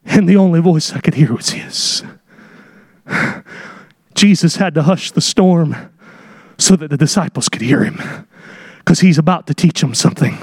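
A man preaching a sermon, swinging between shouted high peaks and hushed whispers. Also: normal speed, vocal fry, long pauses, husky, no echo, studio quality.

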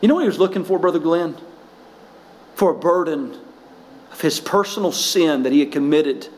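High-voiced preacher man. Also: moderate pace, rough recording. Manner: impassioned preaching, rising and shouting at peaks; drops low and quiet for personal stories. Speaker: pastor. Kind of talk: sermon.

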